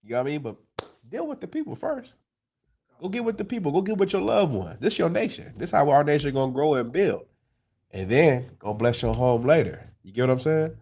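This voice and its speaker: Here a man with a somewhat high voice talks at a brisk clip while teaching scripture. Streetwise and lively, he swears freely and regularly asks, "you understand?"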